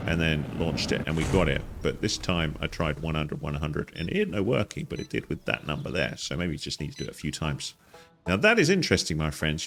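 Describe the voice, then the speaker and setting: A man talks viewers through a video game in a playful, animated way. His voice sits low but swings widely in pitch, and faint music plays under it. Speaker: gaming guide host. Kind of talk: game walkthrough commentary.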